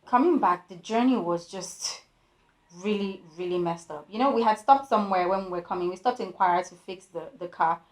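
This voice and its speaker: A woman's voice: mid-range voice, a little fast. Young woman, storytelling vlogger, acts out quotes, echoey room. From Nigeria. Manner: animated storytelling with voiced quotes. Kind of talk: storytime vlog.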